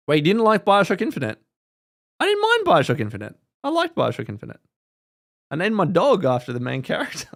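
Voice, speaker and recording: A man chatting casually on a livestream. His pitch swings widely as he talks, and he laughs often and trails off mid-thought. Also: fairly bright tone. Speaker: podcast host. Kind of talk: casual live-stream chat.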